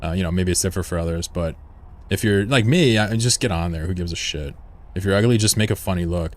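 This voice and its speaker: A man's voice: sits low, fast talker. A man chatting casually on a live game stream, rambling, joking and swearing freely while he plays.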